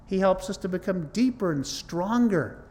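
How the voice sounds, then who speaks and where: Male pastor, slightly higher voice, casual yet emphatic sermon delivery. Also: lively intonation, normal speed, darkish tone. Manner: conversational, emphatic, rises in pitch to stress points. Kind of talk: sermon teaching.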